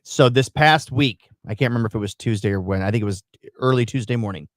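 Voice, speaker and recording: Animated man telling a story on air. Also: medium pitch, fast, no room sound, studio quality. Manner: animated storytelling, acts out his own screams and quotes. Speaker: radio show co-host. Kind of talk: casual live-stream chat.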